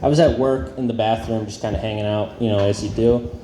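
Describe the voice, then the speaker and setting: Quick-paced and steady, this stand-up's voice is on the low side with a dark tone. His self-deprecating club set is awkward, peppered with ums and trailing thoughts, over roomy sound with audience laughter and noise.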